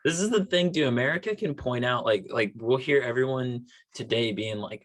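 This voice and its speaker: A man's voice: medium pitch, normal speed, few pauses. A man from Texas co-hosting a podcast, talking politics in an emphatic, loose and profane way. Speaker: podcast co-host. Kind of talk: casual political chat.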